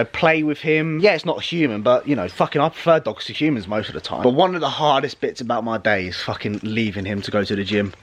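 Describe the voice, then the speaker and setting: A man chatting casually and profanely, vlogging as a fitness coach from a parked car. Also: mid-range voice. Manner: profane, blokey banter. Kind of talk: casual vlog chat.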